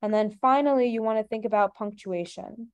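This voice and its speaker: Brisk woman tutor with a mellow voice. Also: a little high, lo-fi sound. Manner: brisk, explanatory, asks rhetorical questions. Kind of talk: online webinar teaching.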